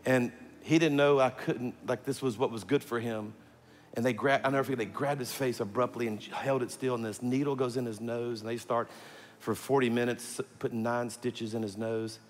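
A man's voice: mid-range voice, fairly even intonation, moderate pace, a little hiss or hum. A middle-aged man preaching a sermon, telling a personal story with humorous asides and acting out the voices he quotes. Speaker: pastor. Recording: long hall reverb, faint music.

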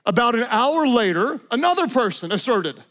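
A male preacher delivering a sermon with dramatic swings between hushed tones and shouting. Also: extremely high pitch, very animated, moderate pace.

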